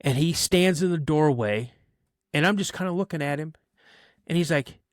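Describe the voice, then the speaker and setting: Podcast guest, male: a chatty, animated storyteller who slips into character voices, recorded dry and close. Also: fairly high pitch, moderate pace, no room sound. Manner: animated, acts out voices in his stories; chatty, many "you know" fillers. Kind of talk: casual storytelling.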